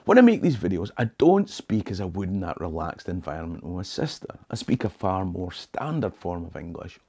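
A man's voice: sits low, big pitch swings, a little fast, warm tone, slightly rough. A Scottish man in his sixties, a history guide telling stories with dry jokes and Scots words, talking from a small home office. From Scotland. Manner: wry, joking storyteller sprinkling in Scots words. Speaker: history tour guide and channel host. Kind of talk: talking-head history video.

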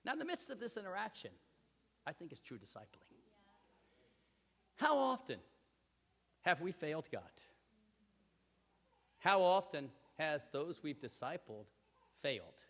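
A male pastor preaching a sermon with animated storytelling, acting out scenes, in a church hall. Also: fairly high pitch, measured pace, long pauses. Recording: echoey hall reverb.

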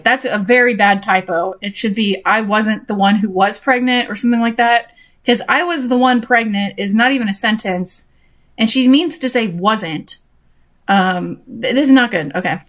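A young woman reading a story aloud and breaking off for sarcastic, exasperated comments on it. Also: fairly high pitch. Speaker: reader and commentator.

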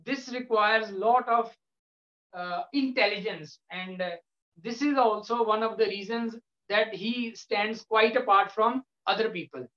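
A male English lecturer with an Indian English accent, patiently explaining to a class with frequent pauses. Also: high-pitched, a bit bright. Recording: echoey room, dull lo-fi sound.

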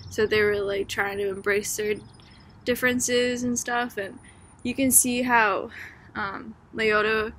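A woman's voice: on the high side, pushed and bright, a little hiss or hum. A young woman from Boston with a Boston accent, a student chatting casually about a book she read, full of "like" and "um" and often amused. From Boston, Massachusetts. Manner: chatty, filler-heavy with frequent "like" and "um"; amused, laughing as she talks.

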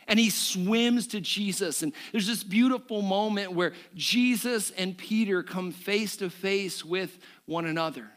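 A male pastor giving a sermon, animated and joking with the congregation. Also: high voice, a little slow, hardly any pauses. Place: church service.

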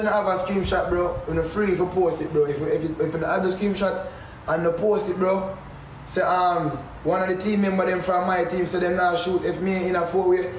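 A man with a Jamaican accent in a heated rant at a rival, repeating "bro" and "dog" as he presses his point. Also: high-pitched. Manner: agitated, repetitive, calls listener bro and dog. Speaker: streamer addressing a rival. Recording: echoey, distant mic, faint noise.

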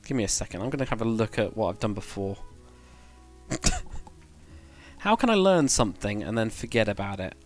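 A man's voice: fairly low pitch, expressive, fairly quick, long pauses, faint music behind. A man casually chatting on a game livestream, thinking aloud while building and answering chat. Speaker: game streamer.

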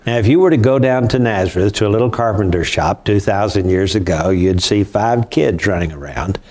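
A man's voice: lowish voice, fairly quick, a little mellow. An older man, hosting a conversational Bible study in a folksy, emphatic way. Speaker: Bible prophecy show host.

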